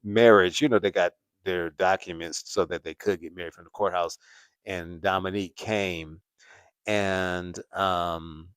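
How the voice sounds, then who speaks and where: A man's voice: deep voice, clean tone, no room sound. A man hosting a casual live-stream commentary, rambling and hesitant with lots of fillers and restarts. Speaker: commentary channel host.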